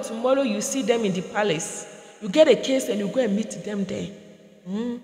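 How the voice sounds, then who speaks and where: A woman's voice: on the high side, darkish tone. A woman prophetess preaching a sermon, building through repeated phrases and acted-out dialogue. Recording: echoey hall with long reverb.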